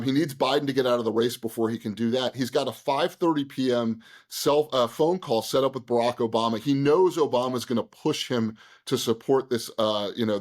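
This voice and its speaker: A man, a guest on an interview show, recounting events in a conversational, animated way, with frequent fillers and quick restarts. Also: medium pitch. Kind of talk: conversational storytelling.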